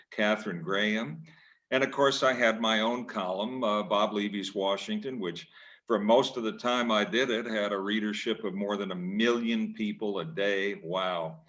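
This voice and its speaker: An older man, a former newspaper columnist, telling a lively, self-deprecating story to an audience and acting out the scenes. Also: lowish voice. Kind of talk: anecdotal storytelling talk.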